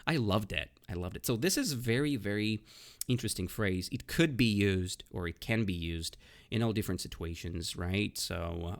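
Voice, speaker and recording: A man with a low voice teaches English vocabulary in a casual podcast lesson. His pitch swings widely as he explains. He hesitates often and keeps asking the listener "right?". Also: lively intonation, normal speed. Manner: explains with frequent "right?" and "okay?" checks; hesitant, with many "uh" and "um" fillers.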